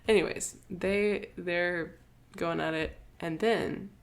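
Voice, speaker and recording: A woman co-hosting a podcast, casually retelling a book's plot with quick giggles and lots of "like". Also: lowish voice, steady tone, vocal fry. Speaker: podcast co-host. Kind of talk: casual book discussion.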